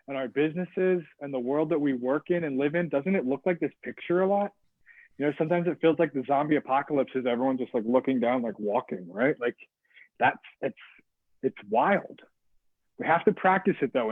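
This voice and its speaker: A man's voice: mid-range voice, no room sound. Man speaking over a tinny video call. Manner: energetic, checks in often with the audience. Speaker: guest speaker on service and leadership. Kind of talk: interactive webinar presentation.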